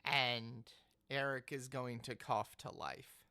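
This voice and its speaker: Slow, halting man game master. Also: mid-range voice, creaky, pushed and bright. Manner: slow, halting, repeats words. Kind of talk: narrating a tabletop game.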